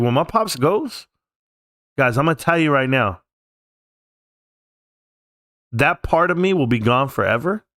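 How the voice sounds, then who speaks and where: A man's voice: medium pitch, a bit bright, no echo, studio quality. A man hosting a casual live stream from home, talking in a rambling, heartfelt, reflective way. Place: at home, alone.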